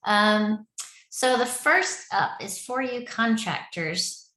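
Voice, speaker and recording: A woman leads an online project meeting from home as the city's project lead, speaking at a slow pace with a medium-pitched, sharp voice. Her casual talk is rambling and effusive, and she laughs often; the recording is roomy and low-quality.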